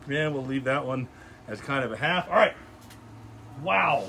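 A man's voice: mid-range voice, expressive, a little slow, very noisy. A man hosting a casual cooking livestream from his backyard, upbeat and jokey, chatting with viewers as he cooks. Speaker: grill show host. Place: backyard grilling area, outdoors.

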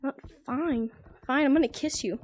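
A woman hosting a gaming video, giving excitable gameplay commentary and often squealing, laughing and shouting playfully. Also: sits high, normal speed. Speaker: gaming channel host.

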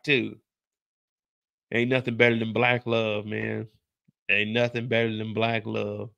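A man's voice: fairly low pitch, level tone, unhurried, creaky, pauses often, bright, forceful tone, dull audio. A man recapping a TV episode with loose, profane, joking asides. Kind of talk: casual comedic recap commentary.

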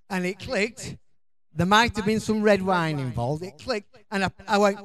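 A middle-aged man from Yorkshire, England, delivers a loose, conversational conference talk with his local accent plainly audible. His high voice has lively intonation at a normal speed, and he drifts, restarts, and fills silences with ums and uhs.

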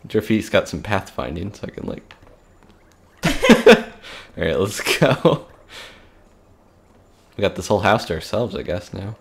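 A man's voice: lowish voice, sing-song, a little slow, vocal fry, long pauses. A man giving casual, jokey gameplay commentary, laughing often and reading game text aloud.

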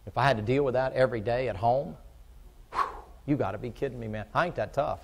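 Folksy preacher with a gravelly voice. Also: male voice, mid-range voice, fast talker. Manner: folksy, swings from quiet storytelling to loud preaching. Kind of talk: sermon.

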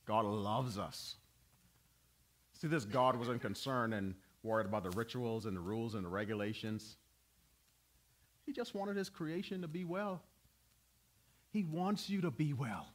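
A male pastor preaching a sermon to his congregation, swinging between loud, emphatic preaching and quiet, low asides. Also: expressive, measured pace, pauses often. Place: church.

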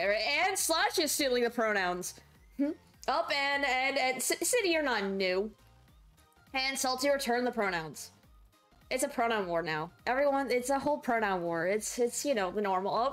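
Woman, streamer, high voice, excitable, rambling, casual livestream chat, faint music underneath. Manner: excitable, rambling, shrieks and laughs. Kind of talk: casual game livestream chatter.

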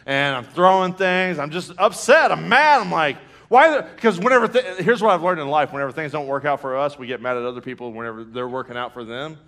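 Preacher guy, fairly high voice, bright and punchy, jumps up when telling his stories. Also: a little fast, hardly any pauses. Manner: storytelling, animated, acts out his own reactions; laughs through jokes. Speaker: pastor. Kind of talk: sermon.

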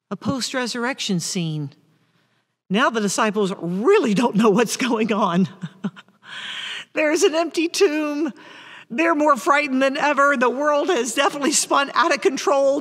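A woman pastor preaching a sermon in a reflective, deliberate way, with bursts of rising intensity. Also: sits high, a bit bright, long reverb tail.

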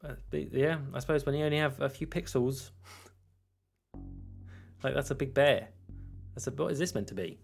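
A man's voice: medium pitch, lively intonation, normal speed, creaky, long pauses, soft background music. Chatty man streaming a game. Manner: chatty, rambling, answers chat questions, laughs easily. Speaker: gaming streamer. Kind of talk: casual live-stream chat while playing.

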